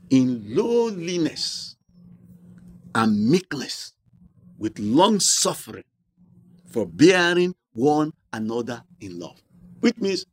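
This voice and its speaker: A man preaching a sermon, asking the congregation rhetorical questions and drawing out key words slowly. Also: mid-range voice, slightly rough. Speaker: pastor.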